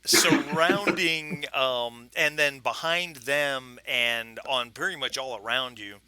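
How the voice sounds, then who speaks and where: A man runs a tabletop game as game master, describing scenes in a loose, chatty way full of fillers and restarts. His voice is very bright at a middle pitch. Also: takes it slowly, clean tone, no room sound. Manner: chatty, frequent fillers and restarts, laughs often.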